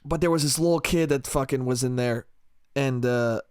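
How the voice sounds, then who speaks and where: A man's voice: medium pitch, moderate pace, darkish tone, smooth, dry recording, clean studio sound. A young man hosting a solo podcast, rambling crudely and laughing at his own jokes. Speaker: podcast host.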